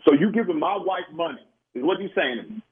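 A man's voice: fairly high pitch, expressive, fast talker, slight background noise. A man in a heated phone argument, angry, profane and stammering as he confronts the caller. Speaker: prank call target. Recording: tinny phone line.

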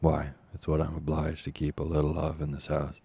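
A man's voice: rumbling low, completely flat delivery, brisk, vocal fry, dark tone, slightly rough, exaggerated voice. A man doing a fawning, wheedling old nurse. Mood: coaxing. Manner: gushing, wheedling, falsely humble. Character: fawning scheming older woman, a workhouse nurse.

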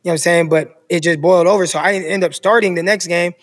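A former football player in his thirties, from Stockton, California, tells his own football story as a podcast guest in casual talk. His voice is high and quick, with a big-room sound, and he's an animated storyteller who acts out the coaches and other people in it.

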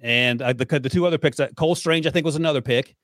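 A man's voice: fairly high pitch, fast talker, a bit bright, no room sound. A man hosting a football podcast, casually running through draft picks and joking with his co-host. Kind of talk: casual sports podcast chat.

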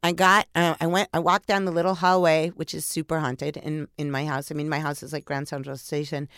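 A middle-aged woman who is a podcast guest, telling a story in a casual, animated way and swearing freely. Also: low-pitched, brisk, no echo, clean studio sound. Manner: animated, profane, acts out her inner voices. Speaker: podcast guest, paranormal investigator.

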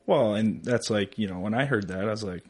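A man with a fairly low voice joins a casual podcast conversation. He mostly agrees with short, easygoing replies and adds a remark now and then. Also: a little fast, husky. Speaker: podcast guest. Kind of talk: casual chat.

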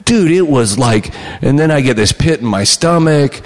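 A man's voice: mid-range voice, expressive, moderate pace, in a large hall. A man, a comedy writer, telling stories in a casual interview and acting out the lines of other people. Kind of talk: casual storytelling.

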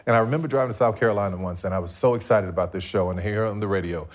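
A man's voice: on the low side, rapid-fire. A middle-aged man sharing a personal faith testimony in a conversation, telling his story vividly and acting out quoted dialogue. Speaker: guest.

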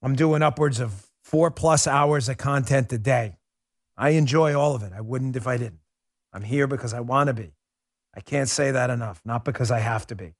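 A man's voice: medium pitch, normal speed, dry recording, studio quality. A man hosting a political talk show, speaking to his listeners in a fervent monologue full of rhetorical questions. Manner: addresses listeners as folks.

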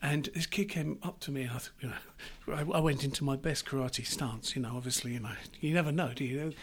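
A man's voice: mid-range voice, brisk, slight background noise. A middle-aged man chatting casually, telling rambling anecdotes with restarts and laughter. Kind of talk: casual chat.

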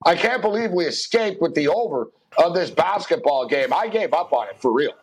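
A high-pitched man hosting a sports betting chat show. He tells stories with lots of energy, acts out every line of dialogue, and breaks into laughter as he goes. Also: fairly quick, slight background noise, low-quality recording. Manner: animated storyteller who acts out dialogue, laughing often. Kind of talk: casual chat.

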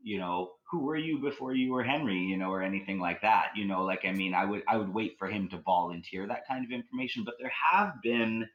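A man with a very low, deep voice tells a long personal story in an easy, conversational way. He rambles, circles back and restarts his sentences, leaning constantly on "like" and "you know". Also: brisk, hardly any pauses, a bit bright, rough recording. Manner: rambling, many fillers and restarts. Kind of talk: casual storytelling.

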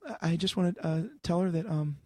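A man voicing a nervous, distraught husband calling in to a radio show, stuttering and halting as he talks. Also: on the high side, steady tone, dark tone, no room sound, studio quality, pitched above the performer's own voice, close to an everyday voice. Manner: stuttering, halting, many repeats. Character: stammering nervous male caller, distraught husband. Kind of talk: improvised comedy role-play.

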